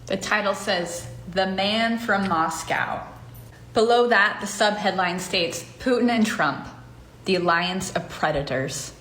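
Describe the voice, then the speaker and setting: A woman giving a measured, explanatory narration that summarizes a news article. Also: mid-range voice, fairly bright tone, a little hiss or hum. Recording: roomy echo with faint ambience.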